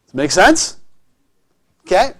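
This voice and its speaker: A man's voice: high-pitched, big pitch swings, unhurried. A man teaching chemistry to a class, encouraging and often checking that students follow. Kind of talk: classroom lecture.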